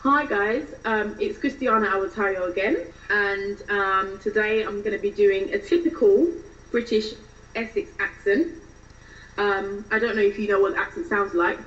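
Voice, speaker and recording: A woman's voice: medium pitch, normal speed, a bit bright, distant mic, highs cut off. A woman actress casually introducing her accent demos, hesitating with many ums.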